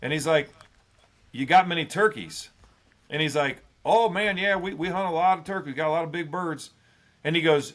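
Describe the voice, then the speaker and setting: A man's voice: fairly high pitch, moderate pace, fairly bright tone. Man telling a story with a laugh. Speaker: podcast guest, former football player. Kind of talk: casual storytelling.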